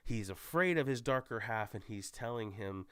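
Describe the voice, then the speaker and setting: A man's voice: fairly low pitch, expressive, normal speed, fairly bright tone, smooth, no room sound, studio quality. A man giving a casual, rambling movie spoiler recap, often stopping to correct himself. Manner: rambling, self-correcting, many restarts. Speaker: movie reviewer.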